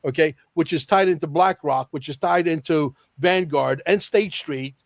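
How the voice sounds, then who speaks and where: A man with a fairly high voice talks in a casual podcast conversation, pressing his points with firm emphasis and repeating them. The sound is dry and close, with no room around it. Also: normal speed, vocal fry, no room sound. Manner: emphatic, repeats key phrases, confident predictions. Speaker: podcast guest.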